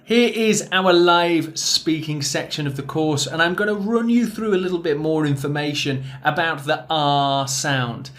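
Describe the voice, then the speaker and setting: A man's voice: fairly high pitch, a bit bright. A man from Northern England with a Northern English accent, teaching pronunciation in a recorded lesson and drawing out the example words with care. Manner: slow, careful, stretching example words.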